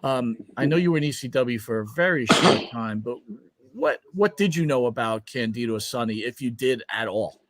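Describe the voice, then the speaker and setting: A man's voice: medium pitch, expressive, normal speed, heavy background noise. Casual male host saying "dude". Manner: casual, uses "dude" a lot. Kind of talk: casual chat.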